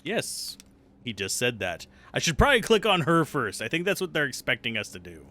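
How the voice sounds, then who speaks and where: A man's voice: mid-range voice, huge pitch swings, brisk, bright, forceful tone. A man giving casual, sarcastic commentary while streaming a video game. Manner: wry, sarcastic asides. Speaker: let's play streamer.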